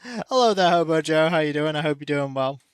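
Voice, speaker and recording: Brief: easygoing male streamer, slightly high voice, slow and rambling, dry close sound. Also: animated, clear, resonant tone, dry recording. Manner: chatty, rambling, greets chat by name, coos softly to his cat. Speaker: game streamer. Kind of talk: casual stream chat. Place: warm room at home.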